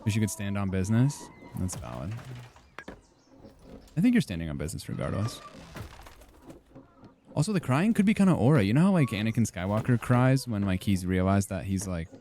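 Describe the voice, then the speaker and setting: A man's voice: fairly low pitch, very animated, a little fast, long pauses, mellow, a little hiss or hum. A young man streaming a game and chatting casually with viewers, rambling with lots of fillers and self-deprecating asides. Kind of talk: casual gaming stream chat.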